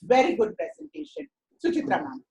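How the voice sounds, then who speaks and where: A woman's voice: high voice, sing-song, fairly quick, vocal fry, dark tone, lo-fi sound. A woman teacher, giving encouraging, explanatory feedback to a student in an online seminar. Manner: encouraging, explanatory, repeats words for emphasis. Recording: faint background noise.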